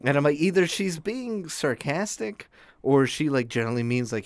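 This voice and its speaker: A young man co-hosts a casual podcast, telling a long story full of false starts and restarts. His pitch swings widely as he talks. The sound is dry and close. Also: lively intonation, normal speed, dry recording. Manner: rambling, self-interrupting storyteller. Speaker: podcast co-host. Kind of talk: casual chat.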